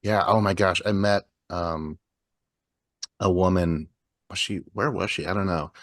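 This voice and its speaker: A very low-pitched man with a Wisconsin accent, co-hosting a podcast in easy, rambling chat. He laughs often and lets thoughts trail off. His voice sits close and dry, with no room sound. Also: steady tone, measured pace, fairly bright tone, no echo. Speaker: podcast co-host. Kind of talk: casual chat.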